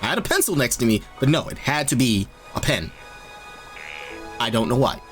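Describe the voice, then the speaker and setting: A man streaming a game while telling casual stories in an animated, exasperated way. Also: medium pitch, normal speed, soft background music. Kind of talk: casual storytelling while gaming.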